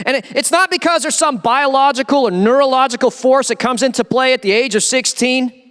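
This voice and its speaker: A man who is a pastor, preaching a sermon in a church and acting out quoted voices with animated energy. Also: extremely high pitch, brisk, clean tone, big-room sound. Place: church sanctuary.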